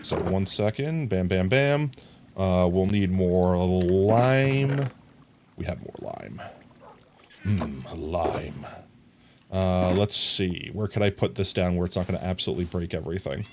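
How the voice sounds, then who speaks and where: Man streamer, deep-ish voice, chatty, playful asides, faint background hiss. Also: measured pace. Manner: chatty, talks to chat, sings silly sound effects. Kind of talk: casual live game commentary.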